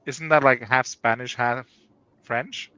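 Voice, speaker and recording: Tired man with a bright, drawling voice. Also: medium pitch, fairly even intonation, slow, clear, resonant tone, no room sound. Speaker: guest co-host. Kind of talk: casual chat on a live stream.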